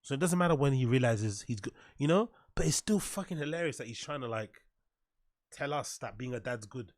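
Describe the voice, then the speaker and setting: A man's voice: medium pitch, expressive, a little fast, dry recording, clean studio sound. A man hosting his own show, giving casual, mocking commentary on online posts, swearing freely and often breaking into laughter. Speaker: show host.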